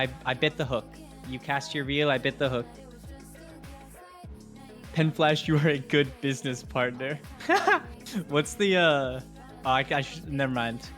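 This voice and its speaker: A young man hosting a watch party stream, chatting casually, reading chat aloud and getting hyped with jokey asides. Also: fairly high pitch. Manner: excitable, quick to get hyped, jokey asides.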